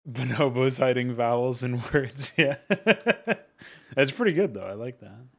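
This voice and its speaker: A streaming game modder with a gravelly, mid-range voice speaks a little slowly but animatedly. He chats casually with viewers, stays laid-back, laughs often, and swears offhandedly.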